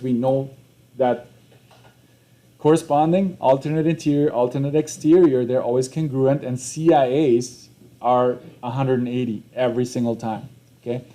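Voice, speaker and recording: Casual male math teacher, mellow voice. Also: mid-range voice. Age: young adult. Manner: conversational, repeats himself, frequent "okay?" check-ins. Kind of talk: classroom lesson walkthrough. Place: classroom.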